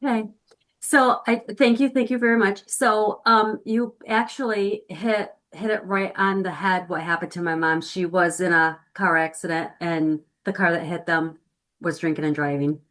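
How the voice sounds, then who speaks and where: A woman's voice: fairly low pitch, steady tone, normal speed, fairly bright tone. A woman on a coaching call who answers in short affirmations and opens up about her past. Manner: brief affirming replies. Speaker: coaching client.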